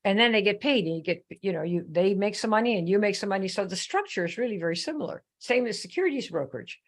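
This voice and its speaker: A woman hosts a live online coaching talk. Her voice sits at a middle pitch. She tells her story in a chatty, animated way and often stops to ask viewers questions. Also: fast talker. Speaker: host.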